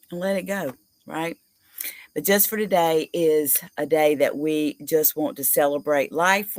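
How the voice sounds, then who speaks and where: A woman's voice: deep voice, dry recording. A woman hosting a live recovery stream as a peer support host, teary and affectionate, rambling with many fillers. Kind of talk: casual live-stream talk.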